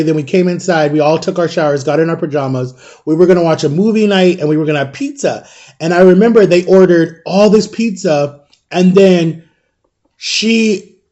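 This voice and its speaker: A man in his thirties telling a personal story in a casual vlog, animated and acting out the people in it. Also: on the high side, lo-fi sound. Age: 30s. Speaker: storytime vlogger.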